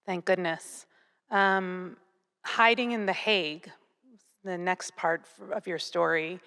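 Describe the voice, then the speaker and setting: A woman puts gentle, measured questions to a guest on stage. Her voice is smooth and clear, carried by a long hall reverb. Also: fairly low pitch, fairly even intonation. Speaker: interviewer. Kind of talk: onstage interview questions.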